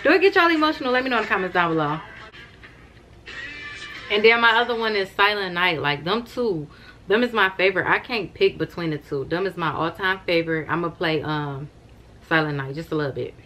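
Chatty young woman vlogger, bright tone. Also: on the low side, a little fast, soft background music. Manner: chatty, keeps addressing viewers as y'all. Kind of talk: casual chat to camera. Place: at home, wrapped in a robe and blanket.

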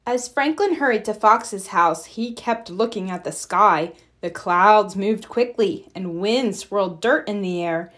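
A woman reading a children's picture book aloud with expressive storytelling. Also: mid-range voice. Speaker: storybook reader. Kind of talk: children's read-aloud narration.

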